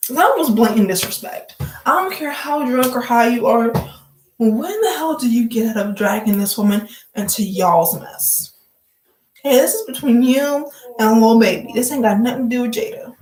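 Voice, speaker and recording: A woman's voice: on the high side, lively intonation, moderate pace, darkish tone, roomy sound, slight background noise, low-quality recording. A woman vlogger giving casual gossip commentary, blunt, profane and joking, full of "like" fillers.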